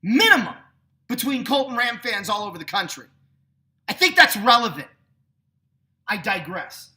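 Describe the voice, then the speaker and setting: A man's voice: sits high, big pitch swings, moderate pace, sharp tone, roomy sound. A man hosting a sports podcast, ranting indignantly with sarcasm. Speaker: podcast host. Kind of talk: sports opinion rant.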